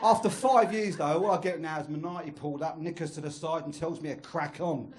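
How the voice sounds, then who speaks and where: London stand-up comic, high voice. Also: male voice, a little fast. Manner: chatty, crowd-teasing, crude punchlines. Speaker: stand-up comedian. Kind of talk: stand-up comedy set. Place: comedy club stage. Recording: live comedy club, noisy.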